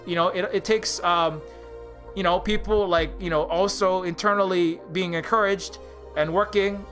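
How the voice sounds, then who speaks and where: A man's voice: sits high, steady tone, normal speed, fairly bright tone, soft background music. A man from Hawaii, an indie game developer, delivering a heated, profane rant full of restarts and repetitions. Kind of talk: ranting monologue.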